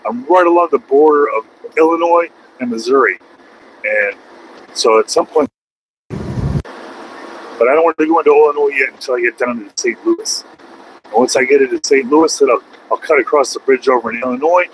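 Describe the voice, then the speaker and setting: Male trucker vlogger, middle pitch, chatty, ranting at traffic, faint road hum behind. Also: moderate pace, long pauses, low-quality recording. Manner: chatty, rants at other drivers. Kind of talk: casual driving vlog. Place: truck cab on the highway.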